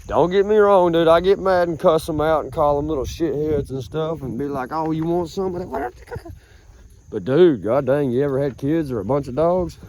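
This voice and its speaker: Young guy, mellow tone, rambling cussing vlog talk outdoors in a field. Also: a little high, brisk, few pauses, a little hiss or hum. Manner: rambling, swears often, calls listener bro. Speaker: vlogger. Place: outdoors in a rural grassy field.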